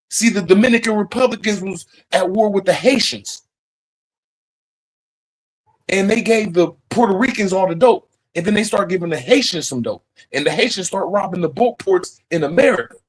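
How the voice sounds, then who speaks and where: A man's voice: high-pitched, rough recording. A man hosting a livestream, talking in a profane, rambling, emphatic casual rant. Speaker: livestream host.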